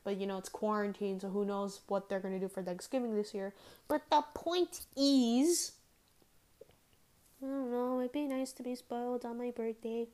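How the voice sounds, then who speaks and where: A teenage girl hosts her own podcast solo, chatting casually and rambling with lots of filler words. Her voice is mid-range, level and warm, and she talks a little fast with hardly any pauses.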